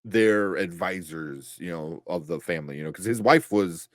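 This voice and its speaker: Low-voiced man rambling casually. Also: normal speed, dry recording, clean studio sound. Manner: rambling, many fillers and restarts, laughs often. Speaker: podcast co-host reading chat. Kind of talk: casual live-stream chat.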